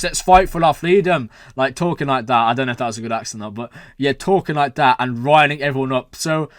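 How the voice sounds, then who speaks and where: A young man hosting a show reaction, rambling excitedly with lots of "like" and "man". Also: mid-range voice, no room sound, studio quality. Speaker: reaction video host. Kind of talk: excited casual reaction talk.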